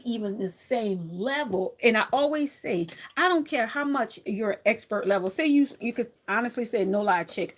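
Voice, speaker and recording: A woman crafter chatting casually to her viewers, telling stories in a lively, animated way with frequent laughs and asides. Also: fairly high pitch. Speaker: craft vlogger.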